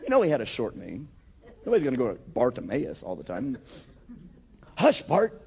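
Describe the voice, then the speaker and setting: A man preaching a sermon with rising passion, acting out Bible scenes and building to shouted declarations. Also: mid-range voice, wildly swooping pitch, fast, vocal fry, breathy edge. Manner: acts out Bible scenes in quoted voices.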